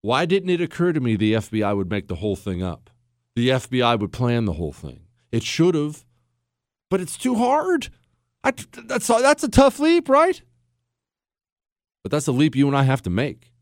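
A man's voice: medium pitch, big pitch swings, no room sound, clean studio sound. A man in his forties hosting a talk radio show, brash and sarcastic, swinging his voice up and down as he mocks callers and riffs. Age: 40s. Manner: sarcastic, brash, fast-shifting, mock-acts callers.

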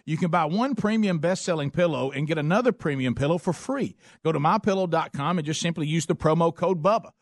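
A man's voice: a little high, brisk, few pauses, no echo, studio quality. A man hosting a radio talk show, reading sponsor ads in an upbeat, folksy way. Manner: upbeat, folksy salesman patter. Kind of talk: live-read radio ad and talk. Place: radio studio.

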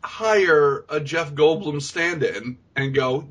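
Husky-voiced man recapping a movie. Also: mid-range voice, moderate pace. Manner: animated storyteller, laughs often, acts out the characters. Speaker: podcast co-host. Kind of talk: casual movie recap chat.

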